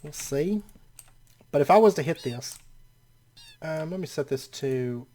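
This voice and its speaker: Warm and animated, this mid-range voice moves at a measured pace through casual let's play commentary. The host keeps laughing, reacting in disbelief, and rambling with self-corrections as every action is narrated.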